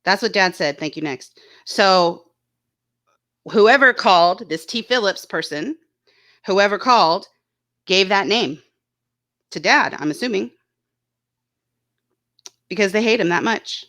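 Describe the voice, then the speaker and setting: Bright-voiced woman in blunt casual commentary. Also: mid-range voice, lively intonation, measured pace, long pauses. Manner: blunt and indignant, swears freely. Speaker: YouTube channel host. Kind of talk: casual commentary reading viewer chat.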